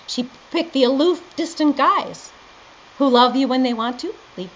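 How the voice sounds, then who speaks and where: A middle-aged woman teaching dream interpretation in a lively lecture, acting out both sides of a conversation. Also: sits high, moderate pace. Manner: animated storytelling, quoting both sides of a conversation. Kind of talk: lively lecture with acted-out dialogue. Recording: dull lo-fi lecture recording with faint noise.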